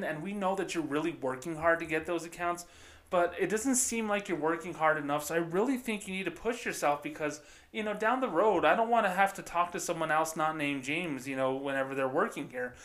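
A man's voice: a little high, a bit bright, voice pushed up, natural voice. A man voicing a passive-aggressive male bank manager who needles with false encouragement.

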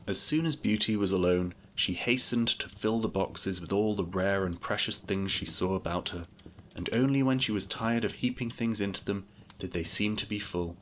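A man narrating a classic fairy tale in a steady, measured storybook reading. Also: fairly low pitch, slight background noise.

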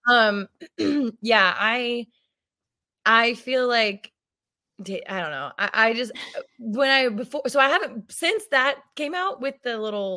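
A woman's voice: mid-range voice, sharp tone. A woman in her thirties, a podcast guest in casual chat, rambling and restarting her sentences, often breaking into laughs.

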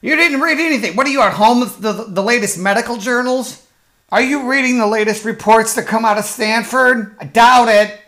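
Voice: medium pitch, normal speed, fairly bright tone. A podcast host ranting sarcastically and with profanity in a solo comedic monologue, rambling along and slipping into mocking voices. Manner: rambling, with fillers and restarts.

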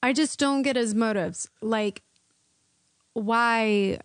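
A woman co-hosts a film podcast in a chatty, curious way, often asking questions and laughing readily. Her voice sits a little high for a woman. The recording is dry and close, with no echo. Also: slow. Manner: chatty, puzzled, asks questions, laughs easily. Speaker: podcast co-host. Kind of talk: casual film discussion.

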